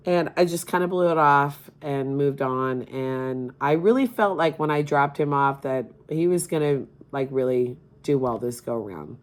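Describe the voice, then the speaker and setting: A middle-aged woman speaking as a grieving mother, emotional and halting, near tears at times. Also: extremely low pitch. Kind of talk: personal appeal to camera.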